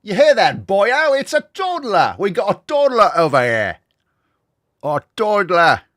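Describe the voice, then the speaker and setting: A man's voice: huge pitch swings, a little slow, a bit bright, full character voice. A man putting on an exaggerated British accent to play an incredulous, mocking bloke. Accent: British, put on. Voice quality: mocking, squeaky exaggerated pitch.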